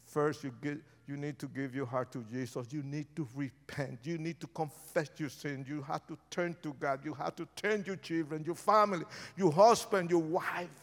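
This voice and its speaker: A man preaching an impassioned sermon and altar call in a large church, swinging from shouts to hushed pleas. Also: a little high, steady tone, normal speed, hardly any pauses. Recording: long reverb of a large hall.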